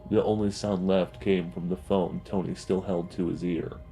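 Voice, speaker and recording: A man narrating a horror story in a grim, steady storytelling manner. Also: low-pitched, normal speed, soft background music, low-quality recording.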